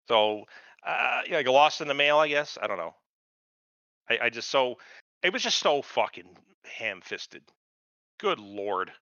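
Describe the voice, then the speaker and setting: A man's voice: medium pitch, sing-song, unhurried, sharp tone, dry recording. A middle-aged man co-hosting a podcast, ranting in casual chat with heavy profanity and disbelief. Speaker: podcast co-host. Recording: dull lo-fi podcast mic.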